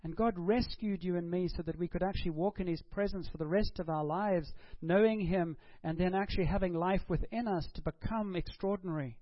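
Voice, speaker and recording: A man's voice: high voice, brisk, few pauses, no echo, muffled recording. A man preaching a sermon, asking rhetorical questions and acting out prayers and dialogue.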